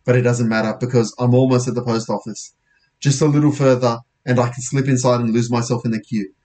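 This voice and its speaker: Casting: male narrator, casual wry audiobook read, mid pitch. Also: level tone, a little fast, warm tone. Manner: casual, self-correcting, wry. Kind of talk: first-person audiobook reading.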